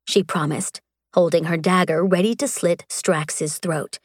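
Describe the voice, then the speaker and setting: A woman reading an audiobook in a measured, sensual storytelling style. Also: on the low side, dry recording, studio quality. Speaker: audiobook narrator. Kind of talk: scripted narration.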